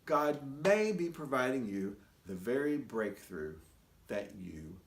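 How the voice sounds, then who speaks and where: A man's voice: mid-range voice, slow pace. Man telling a story in an echoey room. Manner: animated, storytelling with dramatic build. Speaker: pastor. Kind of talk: sermon-style storytelling. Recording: echoey room, mic far off.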